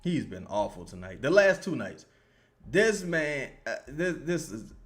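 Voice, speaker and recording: A man's voice: medium pitch, unhurried. A young man, streaming commentary on a basketball game. He curses, repeats himself and greets chat viewers by name. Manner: profane, excitable, yells at the players then calms down. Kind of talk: live-stream watch-along commentary.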